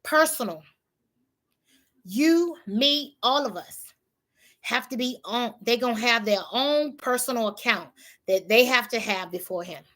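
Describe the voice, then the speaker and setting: A woman's voice: on the high side, animated, a little slow, a bit bright. A woman hosting a livestream, talking casually and emphatically about faith with her viewers. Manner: emphatic, preachy, colloquial. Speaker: livestream host.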